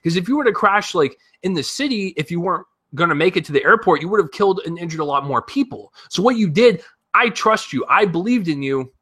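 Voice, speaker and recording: A man giving a casual spoken movie review, animated and profane, rambling with lots of fillers and restarts. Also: high-pitched, fairly quick, husky. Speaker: film reviewer.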